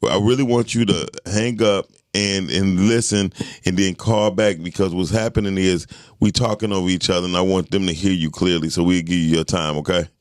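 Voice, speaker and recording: A man hosting a podcast chat, talking forcefully and emphatically, often repeating himself. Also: deep voice, steady tone, fairly quick, no room sound, studio quality. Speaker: podcast host. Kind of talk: casual group chat.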